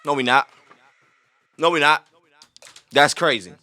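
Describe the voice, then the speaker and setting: A man hosting a reaction video, talking in an animated, slangy, excitable way. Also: on the high side, unhurried. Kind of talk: casual reaction commentary.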